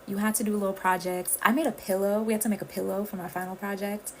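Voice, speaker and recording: A woman's voice: medium pitch, steady tone, fast talker, darkish tone, slight background noise, low-quality recording. A woman from the Caribbean, hosting a casual livestream and chatting directly with her viewers. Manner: chatty, addresses viewers as y'all. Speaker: livestream host.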